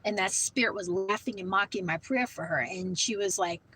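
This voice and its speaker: A woman's voice: medium pitch, normal speed, fairly bright tone, breathy edge, rough recording. A woman speaking fervently about faith and spirits, warning listeners with many "you know" fillers. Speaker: Christian vlogger. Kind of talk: earnest religious talk.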